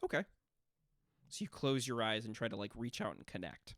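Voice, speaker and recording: A man running a tabletop game as game master, narrating scenes in a measured, descriptive way. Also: mid-range voice, very animated, a bit bright, slight background noise.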